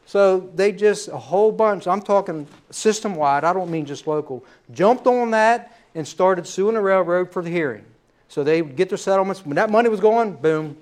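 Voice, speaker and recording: A man's voice: sits high, darkish tone. A middle-aged man from the United States preaching a sermon in a folksy, conversational storytelling manner. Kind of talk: sermon with a told joke.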